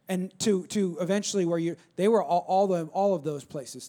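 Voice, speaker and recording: A man with a fairly high voice delivers a sermon to a congregation. He moves between loud, emphatic bursts and low, quiet asides, repeating phrases as he presses his points. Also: normal speed, few pauses. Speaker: pastor.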